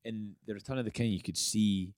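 A man's voice: lowish voice, steady tone, brisk, darkish tone, dry recording, clean studio sound. A man in casual chat, opinionated and sweary, restarting his sentences often.

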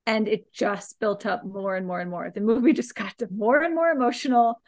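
A woman co-host talks in a casual, animated way, piling on "like" as she tells a long story. Her pitch sits in the middle range. The recording is close and dry, with no room sound. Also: brisk, dry recording. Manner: animated, chatty storytelling with lots of "like". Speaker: podcast co-host. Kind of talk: casual chat, recommending a film.

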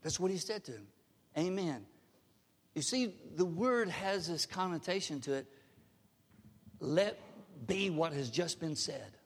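A man's voice: on the high side, lively intonation, a little slow, long pauses, slightly rough, long reverb tail. A male pastor preaching a sermon, emphatic, often asking the congregation questions. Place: church sanctuary.

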